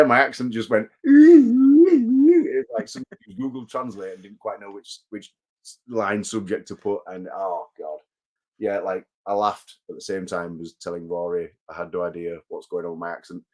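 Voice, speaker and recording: A man with a fairly low voice chats as a guest in a casual interview. He rambles through stories with restarts and pokes fun at himself. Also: a little mellow. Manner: self-deprecating, rambling storyteller. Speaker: guest wrestler.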